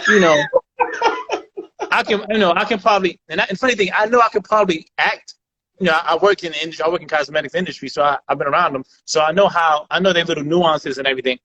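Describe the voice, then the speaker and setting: Blunt, emphatic man, slightly high voice. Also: a bit bright. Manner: blunt, emphatic, repeats himself. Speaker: actor and co-host. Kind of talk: casual podcast chat. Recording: dull lo-fi recording.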